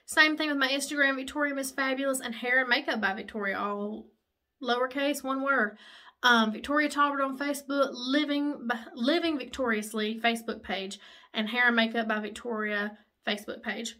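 A woman, chatting excitedly while doing her makeup in a casual vlog, gushing and chatty. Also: a little high, moderate pace. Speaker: makeup vlogger. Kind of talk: casual get-ready-with-me chat.

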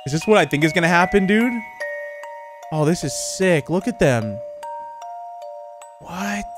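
Excitable male gaming host, slightly high voice, quiet music under the commentary. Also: a little slow. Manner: excitable, lots of exclamations. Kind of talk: let's play commentary.

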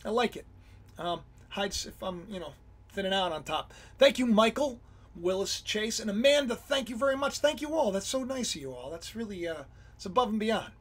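A man hosting a casual livestream about Bible symbolism, rambling and excitable, often breaking off mid-sentence. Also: high-pitched, moderate pace, slightly rough. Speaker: livestream host.

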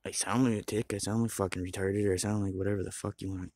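A man's voice: low voice, flat delivery, fast, darkish tone, a little hiss or hum. A man talking to the camera in a rambling, swearing monologue, restless and blunt. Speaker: vlogger.

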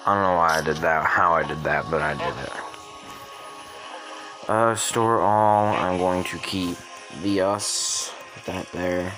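A man's voice: low voice, takes it slowly, poor audio. A young man streaming a mobile game, muttering and swearing at it as he plays. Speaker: gaming streamer. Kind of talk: casual gameplay commentary. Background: game music.

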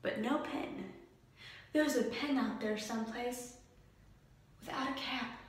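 A woman's voice: on the high side, slow pace. Joking young woman in a bare echoey room. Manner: joking, self-mocking, laughs often. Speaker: vlogger. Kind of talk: casual chat to camera. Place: empty glass-doored breezeway indoors.

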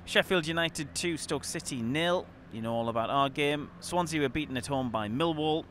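A man's voice: a little high, moderate pace, fairly bright tone. A man presenting a post-match football show, reading out scores and fan questions in an easygoing way. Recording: faint outdoor traffic noise.

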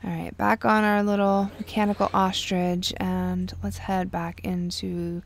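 Young woman, let's-play host; unhurried, wry, gravelly voice. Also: mid-range voice, flat delivery, slight background noise. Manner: chatty, wry, drops to a murmur. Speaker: gameplay video host. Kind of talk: casual let's-play commentary.

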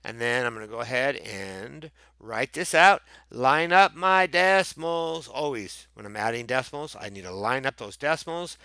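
A man's voice: on the high side, sharp tone, dry recording. A man teaching a math lesson on video, playful and theatrical, talking to students as his friends.

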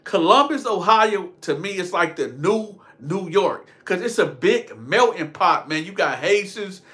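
A young man spins a loose, slang-heavy storytime monologue, straying into side stories and chuckling at his own tales. His voice sits a bit high and sounds bright and forceful. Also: animated, measured pace. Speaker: storytelling vlogger.

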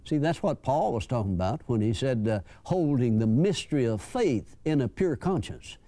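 A man's voice: mid-range voice, very animated, moderate pace, dark tone. An older man preaching a folksy sermon, chuckling and acting out the people he quotes.

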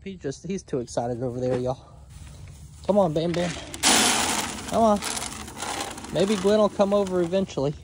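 A man chatting casually to viewers outdoors on a farm, coaxing his goats in a gentle sing-song. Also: sits high. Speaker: homesteading vlogger. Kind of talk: casual vlog chat.

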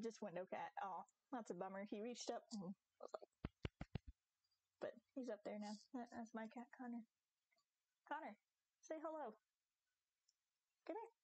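A woman's voice: fairly high pitch, dry recording, poor audio. Giggly, chatty young woman streaming a game. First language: English. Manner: giggly, chatty and animated, talks to chat and her cat. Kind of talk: casual live-stream chat while gaming.

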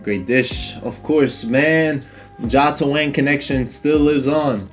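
A man commentating his own gameplay in casual slang. He swings from low muttering to sudden high, loud shouts at his opponent. His pitch sits mid-range, with soft music faintly underneath. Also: slow. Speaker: gaming streamer.

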